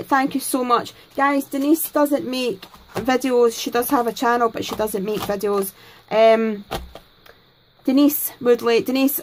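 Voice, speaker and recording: The recording is low-quality, and the woman's voice is a little high. She chats to the camera at her home craft desk as she unboxes gifts, gushing thanks and exclaiming frequently.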